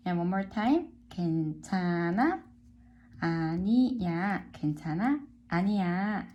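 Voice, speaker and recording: A woman teaching a beginner Korean lesson in English that is plainly not her first language. She speaks slowly and repeats each phrase for practice. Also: fairly low pitch, echoey room, lo-fi sound. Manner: slow, repeats words for practice.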